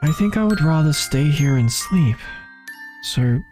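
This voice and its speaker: A streamer voicing a drowsy, calm male bird professor in a game, speaking slowly and mildly, with faint xylophone-like music underneath. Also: mid-range voice, natural voice. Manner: slow, sleepy, mild-mannered. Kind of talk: reading game dialogue aloud.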